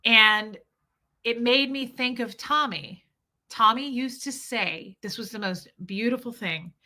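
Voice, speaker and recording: Woman, middle-aged, candid storytelling, bright tone, acts out voices. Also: a little high, slow. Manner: open, confessional, acts out voices of people in her stories.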